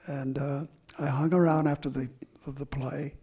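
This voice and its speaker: Older man, memoir author, very raspy voice, gravelly, reflective, slow storytelling with pauses, live talk on stage. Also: a little high, little pitch movement, mellow. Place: stage event before an audience.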